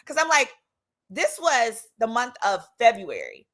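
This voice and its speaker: A woman attorney hosting a casual storytime vlog, with a strong accent and an animated, chatty delivery that slips into voices for dialogue. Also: a little high, unhurried. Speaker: attorney and channel host.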